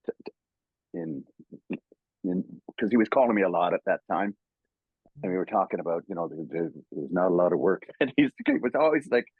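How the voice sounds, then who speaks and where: Older husky-voiced man telling stories. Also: fairly low pitch, no echo, phone-quality sound. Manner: chuckling, acts out voices in his stories. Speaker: interview guest, voice actor. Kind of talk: casual anecdotal storytelling.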